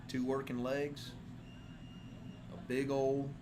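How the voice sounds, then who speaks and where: A man doing a boastful cowboy who flirts and shows off in a low, quiet, slow drawl. The voice sits well below his own and stays courtly and teasing. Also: completely flat delivery, noisy background, natural voice. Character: swaggering flirtatious adult male cowboy.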